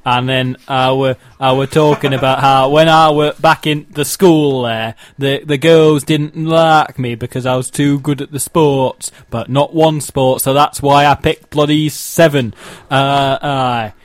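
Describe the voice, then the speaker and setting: Gruff sporty bloke, rambling and boastful, dry close recording, played by a man. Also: mid-range voice, steady tone, measured pace, few pauses, no room sound, natural voice. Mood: grumbling.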